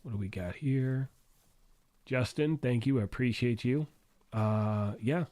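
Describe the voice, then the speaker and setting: A man hosting a gaming livestream, hoarse and losing his voice, rambling and thinking out loud while reading chat. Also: mid-range voice, unhurried, no echo.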